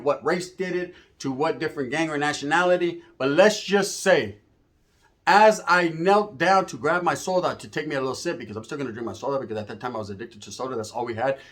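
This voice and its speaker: A man with a slightly high voice tells a story in casual, streetwise talk. He swears freely, drops slang and keeps checking in with "right?" He slips into the voices of the people he describes. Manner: profane, animated, acts out the voices of people in his story. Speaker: storyteller guest.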